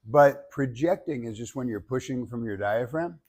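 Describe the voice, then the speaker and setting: Give me a man coaching a group, lively and demonstrative, with an average pitch. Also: normal speed, few pauses. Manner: animated, demonstrates techniques. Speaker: public speaking coach. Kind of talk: workshop feedback.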